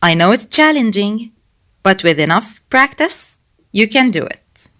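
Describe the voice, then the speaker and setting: A woman's voice: mid-range voice, fairly bright tone. A woman teaching a pronunciation lesson, patiently drilling each sound over and over. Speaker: Arabic teacher.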